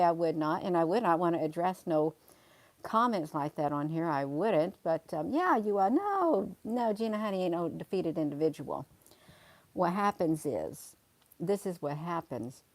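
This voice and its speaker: Woman, livestream host, emphatic, repeats herself, low voice, dry. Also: darkish tone, no room sound. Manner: emphatic, repetitive, calls viewers honey. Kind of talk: casual livestream talk to viewers.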